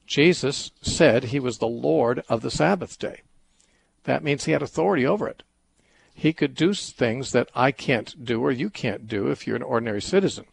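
Middle-aged male call-in host, calm explainer, husky tone, dry studio mic, mid-range pitch. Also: moderate pace. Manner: calm, reasoning, explains with everyday examples. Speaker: radio call-in show host. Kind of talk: call-in Bible teaching talk.

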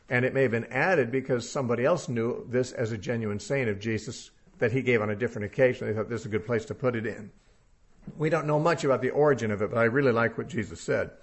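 A man with a medium-pitched voice teaches through a Bible passage verse by verse. He talks casually, thinking aloud and using frequent fillers.

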